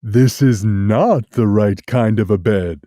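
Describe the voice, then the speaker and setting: A storyteller voicing a boastful, mischievous cat in a hat, in a low chuckling voice for a storybook reading. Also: slow pace, mellow, no echo, clean studio sound, natural voice. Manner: chuckling, cocky, playful. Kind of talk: storybook read-aloud.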